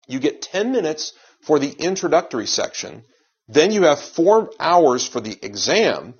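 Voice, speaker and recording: A man's voice: mid-range voice, husky. A man giving an exam-prep lecture in a conversational, advisory way. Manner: conversational, advisory, with frequent uh fillers. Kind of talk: lecture with slides. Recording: dull lo-fi audio.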